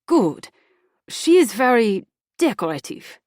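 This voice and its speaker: A woman's voice: on the high side, sing-song, slow pace, a little mellow, no echo, clean studio sound, voice pushed up. A woman reading an audiobook, voicing a sixty-year-old male gallery owner who is suave and condescending. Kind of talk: audiobook narration.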